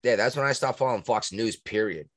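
A man with a Massachusetts accent co-hosting a podcast in casual chat, talking in an animated way that jumps high when he gets worked up. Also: fast, dry recording, clean studio sound. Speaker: podcast co-host.

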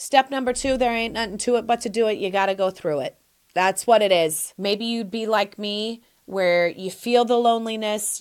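A woman podcast host in middle age gives advice straight to her listeners. She is animated and playful, urging and cheering them on, and her voice sits at an ordinary pitch for a woman.

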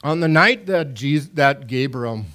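A middle-aged man preaching a sermon as pastor, animated and emphatic, with repetitions and restarts. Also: mid-range voice, measured pace.

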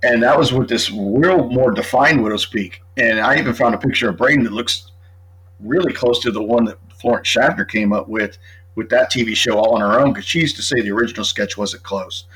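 A man's voice: medium pitch, a little fast, fairly bright tone, slightly rough, rough recording. A middle-aged man, an author appearing as a guest, talking casually and laying out his argument point by point. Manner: talkative, builds his case point by point. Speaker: author and true crime guest. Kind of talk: casual podcast conversation.

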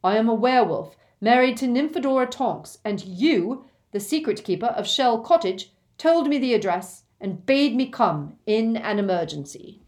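A woman voicing a gentle, worn-out middle-aged wizard man in a storybook reading, earnest and exclaiming. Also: medium pitch, expressive, unhurried, voice pushed up, lightly acted. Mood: urgent.

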